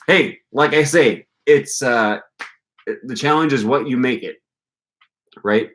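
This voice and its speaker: A man's voice: medium pitch, slow pace, pauses often, fairly bright tone. A young man hosting a casual livestream about language learning, talking in an upbeat, encouraging way and rambling with many fillers. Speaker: language-learning channel host.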